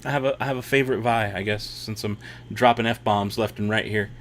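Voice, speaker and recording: A man's voice: lowish voice, fairly even intonation, brisk, a little hiss or hum. A man hosting a casual watch-party livestream, reading chat comments aloud and laughing often.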